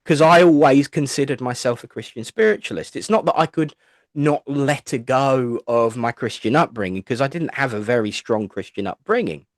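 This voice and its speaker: A man's voice: medium pitch, expressive, normal speed, no room sound. Man, English accent, chatty, rambling storyteller, interview guest, dry close sound. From England. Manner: chatty, rambling anecdotes with playful asides; acts out voices when quoting people. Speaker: guest, spiritualist minister and medium.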